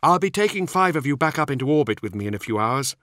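A man doing a keen, higher-pitched warrior officer. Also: sing-song, quick pace, fairly bright tone, no room sound, clean studio sound. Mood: earnest.

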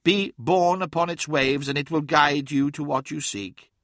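A man doing a calm, proud warrior-mentor. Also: a little high, no room sound, studio quality, pitched above the performer's own voice. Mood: commanding. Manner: measured, instructive.

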